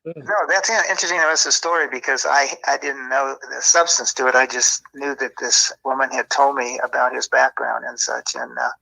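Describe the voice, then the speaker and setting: A man's voice: mid-range voice, fairly even intonation, brisk, creaky, hardly any pauses, pushed and bright, poor audio. A man being interviewed, recalling his scouting days in a rambling, self-correcting way. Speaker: former football scout and guest. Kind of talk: interview reminiscing.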